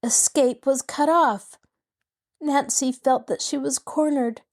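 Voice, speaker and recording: A woman host narrating a mystery novel aloud with a lively, dramatic delivery. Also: high-pitched, slow. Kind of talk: scripted storybook narration.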